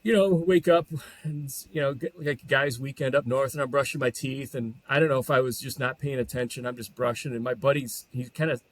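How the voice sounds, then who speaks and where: A man in his forties, a podcast guest, talking casually with many pauses and self-deprecating hedges. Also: medium pitch, no echo. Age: 40s. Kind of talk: casual interview chat.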